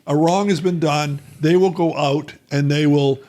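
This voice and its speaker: A man's voice: on the high side, fairly even intonation, a little slow, darkish tone. A man hosting a podcast, talking through a film with a wry, teasing manner. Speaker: podcast host. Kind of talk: casual film discussion.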